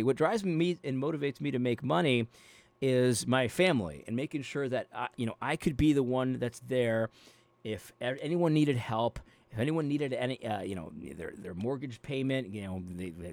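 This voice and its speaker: A man's voice: mid-range voice, no echo. Rambling man with a dry, close sound. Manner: rambling, repeats words, frequent fillers. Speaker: Christian video commentator. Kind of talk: Bible reading then casual commentary.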